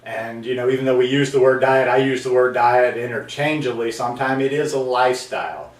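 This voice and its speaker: A man's voice: medium pitch, brisk, recorded from a distance. Earnest man vlogging in an echoey room. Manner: earnest, rambling, with many ums and restarts. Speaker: vlog host. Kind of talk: casual talking-to-camera monologue.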